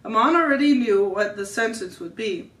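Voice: mid-range voice, expressive, moderate pace, fairly bright tone, echoey room, far from the mic, poor audio. A family member reading a story aloud, with small slips and self-corrections.

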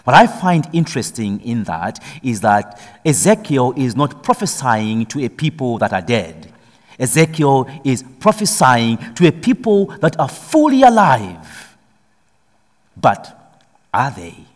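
A man's voice: mid-range voice, sing-song, in a large hall. A man reading the Gospel solemnly and then preaching a homily, his voice rising as he presses his points. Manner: slow solemn reading, building to emphatic preaching. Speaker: priest.

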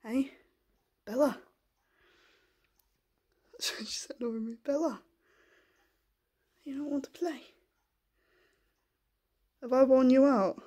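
Soft-spoken woman cooing to a puppy. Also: high-pitched, slow pace, long pauses, slightly rough. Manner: soft coaxing baby talk to a puppy, often half-whispered. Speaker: vlogger. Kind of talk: casual home vlog. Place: living room at home. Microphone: handheld camera.

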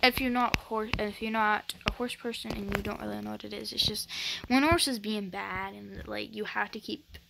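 Chatty woman with a gravelly edge. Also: mid-range voice, steady tone, moderate pace, background noise. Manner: rambling and chatty, with lots of fillers. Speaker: gaming vlogger. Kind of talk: casual chat over gameplay.

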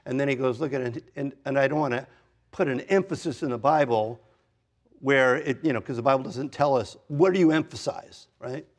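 A man in his fifties or older, a pastor giving an expository sermon in a conversational way, with self-deprecating asides and wide swings in pitch and loudness for emphasis. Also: a little fast. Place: church sanctuary.

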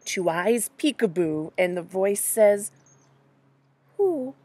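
A woman teacher reading a picture book aloud to young children, animated and full of questions, addressing them directly. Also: mid-range voice, measured pace, breathy edge, dry recording. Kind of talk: children's story time read-aloud.

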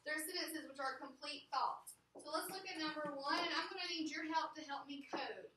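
A woman's voice: sits high, normal speed, bright, forceful tone. A woman teaching a phonics lesson to a classroom, repeating rules and giving firm directions. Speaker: elementary school teacher. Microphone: camera at a distance. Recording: echoey classroom, far-off mic, faint hiss.

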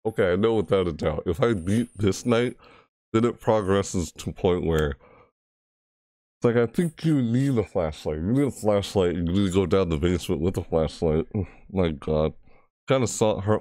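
This gaming channel host has a low, dark voice, recorded at studio quality with no room sound. Playing through a horror game, he complains about it and jumps, yelping and crying out when scared.

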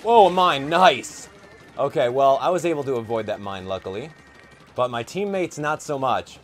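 A young man giving casual gameplay commentary, chatty and excitable, thinking aloud with plenty of fillers. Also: medium pitch, normal speed, slight background noise. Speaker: gaming YouTuber.

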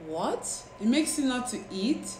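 A young woman hosts a casual livestream and chats unhurriedly with her viewers, teasing them about what they tell her. Her voice sits at a middle pitch and rings out in a roomy, echoey space. A faint background noise runs underneath. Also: very animated, a little slow, darkish tone. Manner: chatty, teasing, reacts to comments. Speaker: livestream host.

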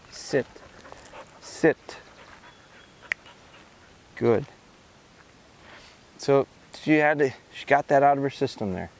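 Calm man training a dog outdoors. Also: on the high side. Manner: calm explanations mixed with short commands to a dog. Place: outdoors in a rural field.

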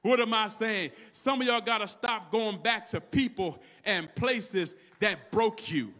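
A male pastor preaching a sermon in a church, calling out to the congregation and rising into shouts. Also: high voice, measured pace. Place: church sanctuary.

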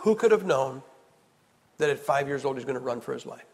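A man preaching a sermon with emphatic rhetorical questions, swinging from loud declarations to hushed storytelling. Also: medium pitch, expressive, fairly quick, creaky. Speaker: evangelist preacher. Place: large church hall. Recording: long hall reverb.

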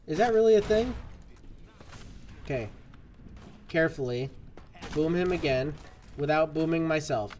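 A man's voice: fairly high pitch, expressive, moderate pace, pauses often, darkish tone, a little hiss or hum. A man giving live commentary on a game he is playing, jokey and exasperated as he talks to the game. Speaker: streamer.

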